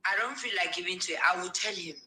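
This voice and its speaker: A woman's voice: on the low side, fast talker, a crowd in the background, low-quality recording. A woman with a Nigerian accent in a frank casual discussion, telling a story animatedly and acting out both sides of the dialogue. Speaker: co-host.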